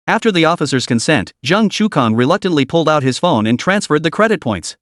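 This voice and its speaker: A man reading a story aloud as narrator in an even, steady storytelling manner. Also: a little high, fast, few pauses, no room sound, studio quality. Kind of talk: scripted audiobook narration.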